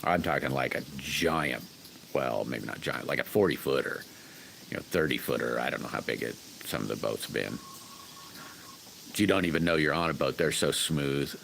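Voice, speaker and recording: Very deep-voiced folksy man. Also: moderate pace, vocal fry, fairly bright tone, slight background noise. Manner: rambling, folksy, greets chat by name. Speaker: livestream host chatting with viewers. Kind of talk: casual livestream chat.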